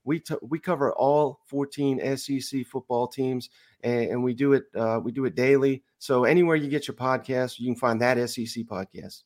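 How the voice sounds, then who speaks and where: A man's voice: medium pitch, moderate pace, darkish tone. A man appearing as a guest on a sports podcast, upbeat and laughing often as he talks up his own show. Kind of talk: casual interview.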